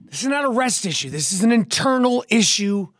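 A man hosting his own podcast, his voice hoarse and not at full strength, talking in a brash, profane, rapid-fire way and repeating catchphrases. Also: sits high, sing-song, no room sound, studio quality. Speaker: podcast host. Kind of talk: hyped solo podcast monologue.

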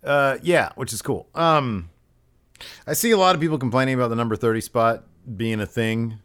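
A man co-hosting a wrestling podcast, chatting casually and lively, often acting out what people said. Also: medium pitch, moderate pace, smooth. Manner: animated, acts out quotes in put-on voices. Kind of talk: casual chat recapping wrestling.

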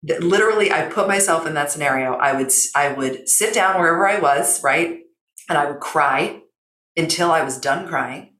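A woman guest coach talking in an emphatic, expressive way that drops soft and breathy when she turns reflective. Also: sits low, normal speed. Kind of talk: expressive conversational interview. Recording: roomy echo.

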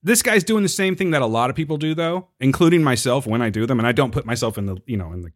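An enthusiastic male podcast co-host who laughs easily and stresses his points with emphasis. His pitch rises and falls with lively swings, and the recording sounds dry and close. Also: fast talker, no echo. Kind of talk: casual chat.

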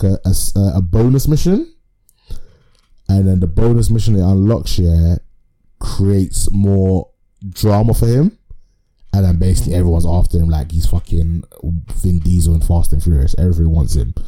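A man's voice: low voice, warm tone, poor audio. A man co-hosting a podcast, chatting casually about anime in a rambling, sweary, slangy way. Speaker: podcast co-host.

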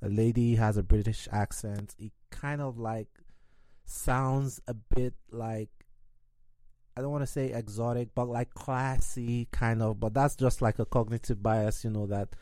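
A man's voice: mid-range voice, fairly even intonation, unhurried, a little mellow, no echo. A man from Nigeria co-hosting a casual podcast chat, teasing and hesitant, with many fillers. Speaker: podcast co-host.

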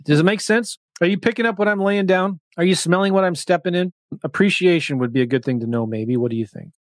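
Man, real estate coach, live-stream Q&A host, slightly high voice, dry close mic, animated and chatty. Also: fast talker, dry recording. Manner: animated, conversational, exasperated asides.

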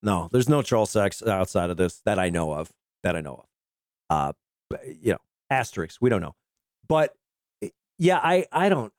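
A man co-hosting a casual film review podcast, excitable and profane, laughing often and acting out quotes from the movie. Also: mid-range voice, no room sound, studio quality. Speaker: podcast co-host.

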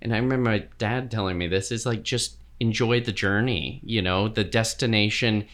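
A middle-aged man, a TV director, answering interview questions in a reflective, measured way with frequent fillers. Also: fairly low pitch, fairly bright tone. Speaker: TV director, guest.

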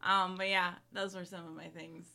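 A woman's voice: on the low side, little pitch movement, moderate pace, gravelly, a loud crowd. A woman co-hosting a casual podcast chat, talking loosely with many "like" fillers and frequent giggles. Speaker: podcast co-host.

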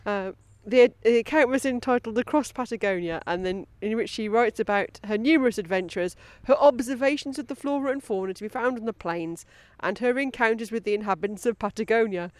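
Woman podcast host, higher pitch, giggly, casual, close dry sound, outdoor walk. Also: a little fast, a little mellow, no echo. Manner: giggly, chatty, breaks off with asides. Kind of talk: casual outdoor chat and reading aloud. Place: outdoors on a woodland path.

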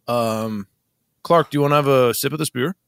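A man joking with friends in an improvised comedy sketch, playful and excited. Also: mid-range voice, moderate pace, smooth, no room sound, studio quality. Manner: excited, playful, mock-formal when putting on a servant voice.

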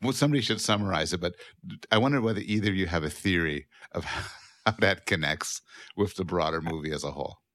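A man's voice: low voice, fairly bright tone, dry recording, clean studio sound. A man in a casual film discussion, posing questions and offering a theory he heard. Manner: asks probing questions, measured. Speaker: podcast panelist.

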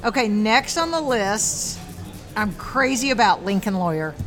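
A woman hosting a casual chat, lively and excitable, with quick asides. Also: medium pitch, music in the background. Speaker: host.

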